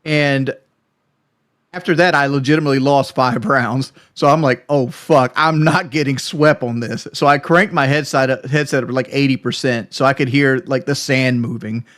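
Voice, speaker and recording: Relaxed male gamer explaining tactics. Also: mid-range voice, moderate pace, no echo, clean studio sound. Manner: relaxed, explanatory, filler-heavy. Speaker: gamer guest. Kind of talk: casual chat.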